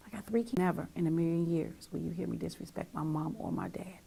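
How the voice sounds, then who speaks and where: A middle-aged woman hosting a talk show, giving an emotional, emphatic monologue to her viewers that swings from loud to nearly whispered and repeats lines for weight. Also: lowish voice, fast talker, vocal fry, few pauses, husky.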